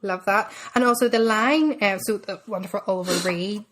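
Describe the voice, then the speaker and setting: A woman with a mid-pitched voice co-hosts a podcast in relaxed chat. She lays out trivia at an easy pace, with a scattering of "um"s as she goes. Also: normal speed. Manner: easygoing, shares trivia with fillers. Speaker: podcast co-host.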